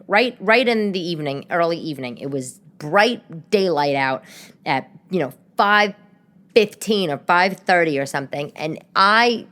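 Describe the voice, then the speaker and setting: A woman in her late 30s hosts a casual solo podcast from home, chatting and rambling with frequent restarts. Her voice is lowish and a bit bright.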